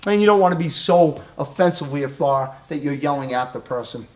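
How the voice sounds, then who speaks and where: A man's voice: a little high, expressive, fairly quick. A man giving a live training talk on crisis intervention, asking the audience questions and tagging his points with "right?".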